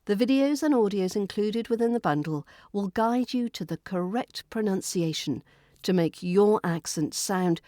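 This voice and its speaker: A woman with a polished British RP accent teaches pronunciation. She speaks unhurriedly and shapes each word with care, in a mid-pitched voice. The recording is close and dry, with no room sound. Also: darkish tone, no echo. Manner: slow, carefully articulated, instructive. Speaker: accent coach and podcast host. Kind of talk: pronunciation lesson.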